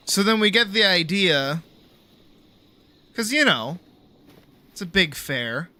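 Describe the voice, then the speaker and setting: A man's voice: high voice, very animated, slow, pauses often, sharp tone, slight background noise. A young man streaming a game, telling a story in a rambling, laid-back way, swearing freely and saying "like" a lot. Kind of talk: casual storytelling while gaming.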